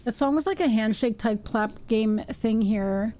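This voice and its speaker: A young woman streamer chatting casually while she plays, rambling and thinking out loud with self-mocking asides. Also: fairly high pitch, a little slow. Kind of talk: casual live-stream chat while gaming.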